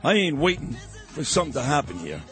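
A man hosting a talk radio show, brash, fast and emphatic. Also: fairly high pitch, huge pitch swings, fairly bright tone, faint music behind. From New York. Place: radio studio.

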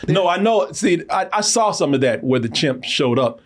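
A man in casual, profane chat about a movie, animated and laughing often. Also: on the high side, normal speed. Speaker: podcast co-host reviewing a film.

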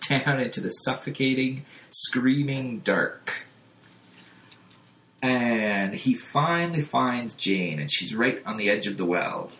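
A male podcast host walks through a comic issue, telling it in a lively, animated way. His tone is crisp and forceful. The recording has a roomy echo. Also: mid-range voice, takes it slowly, slight background noise. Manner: animated storytelling with chuckles. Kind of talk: casual comic-book recap.

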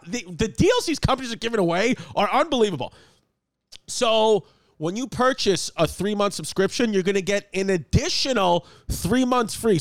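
A young man hosting a podcast, loud and jokey, rambling into crude humor and host-read ads. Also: sits high, no room sound.

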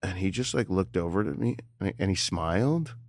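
A man in his forties, a comedian guest, telling a personal story in candid conversation, emotional and halting with many restarts. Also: low voice, lively intonation, dry recording, studio quality.

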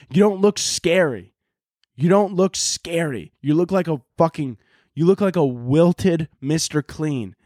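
A man's voice: a little high, a little mellow, dry recording, studio quality. A young man hosting a podcast, rambling sarcastically through a comedic monologue with frequent swearing. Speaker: podcast host.

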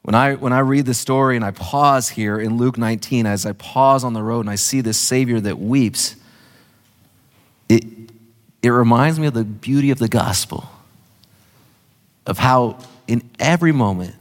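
A man's voice: medium pitch, moderate pace, pauses often. Earnest preacher man in echoey hall. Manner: earnest, impassioned, emphatic repetition. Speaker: pastor. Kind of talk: sermon.

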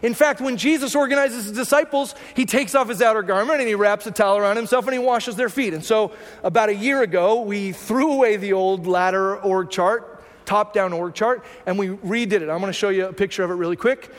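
A man's voice: high-pitched, fairly quick. A man preaching a sermon to his congregation in a church, conversational and full of rhetorical questions. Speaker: pastor. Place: church sanctuary. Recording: long hall reverb.

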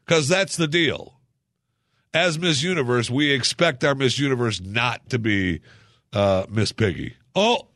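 A man's voice: mid-range voice, a little slow, a bit bright, dry recording. Sarcastic ranting man, dry sound. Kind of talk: casual political commentary.

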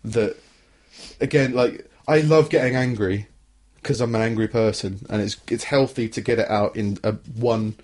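A man's voice: on the low side, steady tone, moderate pace, darkish tone. A young man co-hosting a casual comedy podcast, rambling, restarting his sentences and laughing often. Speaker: podcast co-host.

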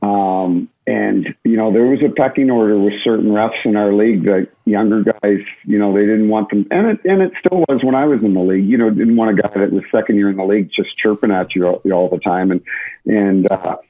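A middle-aged man, a former referee, recalling games in a halting, rambling way. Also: on the low side, narrow, tinny audio. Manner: rambling, halting, many restarts. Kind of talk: casual chat.

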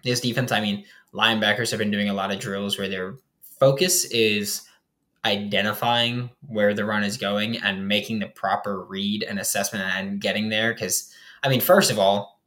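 Rambling low-voiced man talking football. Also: fairly even intonation, normal speed, fairly bright tone. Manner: loose and rambling, many fillers and restarts. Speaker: sports podcast host. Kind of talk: casual football analysis.

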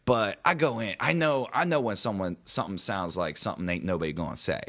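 A man's voice: lowish voice, fast talker, a bit bright. A man chatting casually on a podcast about a movie he disliked, rambling and complaining in loose colloquial speech. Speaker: podcast co-host. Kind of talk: casual movie review chat.

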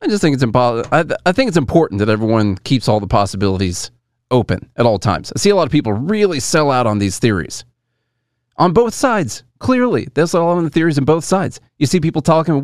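A man's voice: mid-range voice, very animated, brisk, no room sound, clean studio sound. A man hosting a casual commentary show, musing aloud and hedging as he talks to his viewers and answers chat. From United States.

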